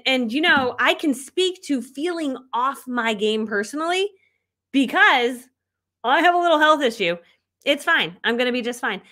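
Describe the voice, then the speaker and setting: A woman's voice: a little high, a bit bright. A woman in her thirties, a business coach talking casually on a live video, bubbly and chatty with frequent laughs.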